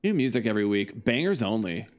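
A man with a lowish voice hosts a podcast in easy, loose chat. He jokes around and fills his sentences with "uh" and restarts. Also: very animated, quick pace. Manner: loose, joking, lots of fillers. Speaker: podcast co-host. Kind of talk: casual chat.

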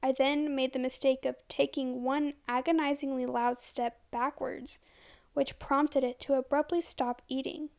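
A woman reading a first-person horror story as scripted narration, dramatic and slowing to a hush at tense moments. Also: high-pitched, level tone, creaky.

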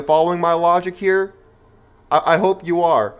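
A man's voice: fairly high pitch, fairly even intonation, normal speed, clear, resonant tone. A man hosting a podcast, delivering an opinionated monologue in an emphatic, rhetorical manner and speaking straight to his listeners. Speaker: podcast host.

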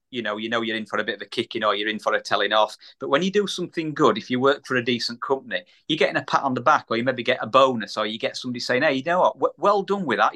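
Bright-voiced British man telling a story. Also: mid-range voice. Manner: animated, repeats words, acts out quoted voices. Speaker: guest, small business owner. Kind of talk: casual podcast storytelling.

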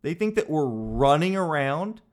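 A man hosting a talk show, delivering a comedic rant that is animated, exasperated and full of casual swearing. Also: on the high side, measured pace. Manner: animated, exasperated, peppered with "dude".

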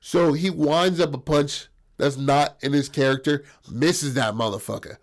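A man telling a story in casual chat, profane and animated, acting out the voices. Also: fairly high pitch, a little slow.

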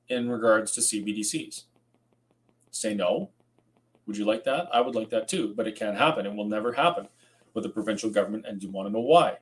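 A man's voice: lowish voice, fairly quick, low-quality recording. A tired man hosting a rambling late-night livestream, reading out viewer comments and chatting casually. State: tired, yawning. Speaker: host.

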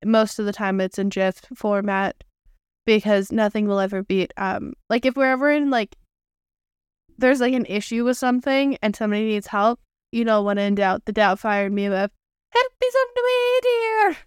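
A woman's voice: mid-range voice, fairly even intonation, normal speed, clean tone, dry recording, studio quality. A woman in her twenties chatting casually as a podcast co-host, telling stories with frequent laughs and casual swearing. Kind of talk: casual chat.

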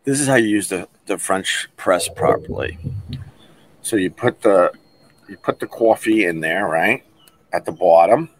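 A middle-aged man hosting a podcast, telling stories in a casual livestream chat and acting out whispered and loud impressions. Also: low-pitched, a little slow, a little hiss or hum. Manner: animated storyteller who acts out whispered and loud impressions. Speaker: podcast host.

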